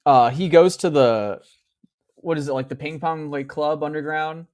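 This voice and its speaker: A man's voice: fairly high pitch, normal speed, darkish tone, dry recording, clean studio sound. A young man co-hosting a podcast, chatting casually about a movie and often searching for his words mid-thought. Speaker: podcast co-host. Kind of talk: casual chat.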